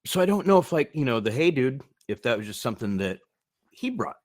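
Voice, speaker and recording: A man's voice: medium pitch, sing-song, quick pace. A man co-hosting a casual podcast chat, laughing often and retelling movie scenes. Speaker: co-host.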